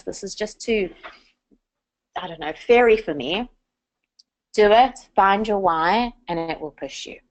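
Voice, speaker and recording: A woman in her thirties giving a candid, personal motivational talk to a group. She acts out her own inner dialogue as she speaks. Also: mid-range voice. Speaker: presenter at a business training session.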